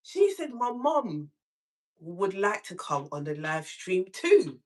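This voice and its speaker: A woman hosting a casual live call-in stream from home, telling a story in an animated way and acting out what people said. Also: slow. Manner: animated storytelling, acts out quotes with big pitch jumps.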